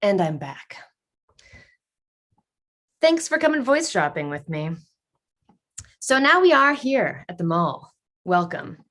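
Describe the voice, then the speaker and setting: Slow, playful woman leading an online workshop. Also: on the low side, very animated, a bit bright. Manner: playful and upbeat, reads chat answers aloud with laughs. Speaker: workshop leader. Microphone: video call.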